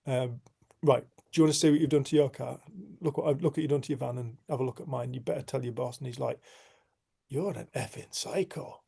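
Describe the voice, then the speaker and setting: A man's voice: medium pitch, steady tone, fast talker, vocal fry, dark tone, breathy edge. A middle-aged man, telling a personal story casually to a discussion group and often laughing as he acts out what people said. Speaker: group facilitator.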